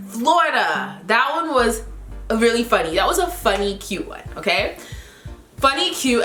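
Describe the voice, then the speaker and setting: A woman vlogger telling stories to her viewers in a chatty, animated way, full of filler words. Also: mid-range voice, echoey room. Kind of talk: casual storytelling to camera.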